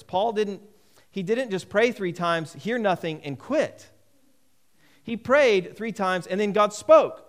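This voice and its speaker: A man preaching a sermon, emphatic and repeating key phrases for weight. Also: high voice.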